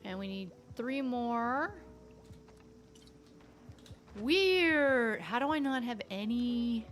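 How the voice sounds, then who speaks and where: High, lively Canadian-sounding woman streamer. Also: drawn-out words, faint music behind. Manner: chatty, thinks aloud to herself and chat. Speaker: live streamer. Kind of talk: casual game live stream.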